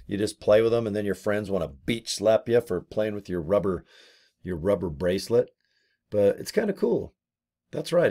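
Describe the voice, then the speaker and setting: A middle-aged man talking to camera in a casual, rambling monologue, joking and swearing as he tells stories. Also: mid-range voice. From Iowa and Santa Barbara. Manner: joking, animated storytelling with crude humor. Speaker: network marketing promoter.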